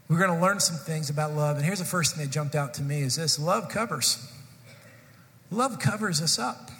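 Man, pastor, sermon, storytelling with humor, lively bright tone, reverberant church. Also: on the high side, a little hiss or hum. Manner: storytelling with humor, addressing the congregation. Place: church sanctuary. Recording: long hall reverb.

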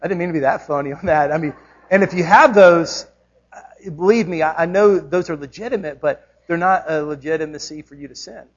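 Male pastor, slightly high husky voice, emphatic sermon delivery, muffled lo-fi recording. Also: brisk. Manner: emphatic preaching with rhetorical questions and repetition.

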